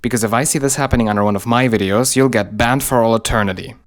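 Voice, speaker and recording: A man's voice: medium pitch, quick pace, music in the background. A man explaining how accents work in a casual, wry teaching style. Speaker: linguistics teacher. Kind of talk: explanatory video lesson.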